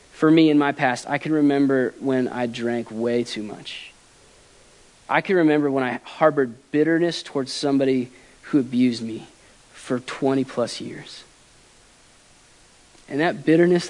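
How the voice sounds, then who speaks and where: A man preaching a sermon as pastor, earnest and emotional, swinging from loud emphasis to quiet softness. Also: fairly high pitch, moderate pace.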